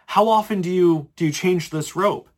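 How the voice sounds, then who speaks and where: A man's voice: high voice, moderate pace, voice pushed up. A preacher voicing a frightened tourist man. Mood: nervous. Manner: pleading, raised and urgent. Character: frightened male tourist dangling over a drop.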